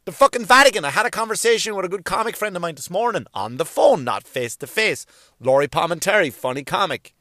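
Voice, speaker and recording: A man's voice: high-pitched, a bit bright, dry recording, clean studio sound. A male comedian delivering a profane, emphatic solo rant, hammering his points home through repetition.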